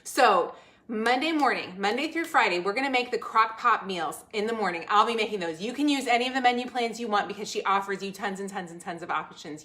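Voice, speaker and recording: A woman's voice: on the high side, bright, forceful tone. A woman hosting a live cooking stream, chatting upbeat and straight to her viewers while she cooks in her home kitchen. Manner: upbeat, talks straight to viewers, reads out comments. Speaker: host of a cooking livestream.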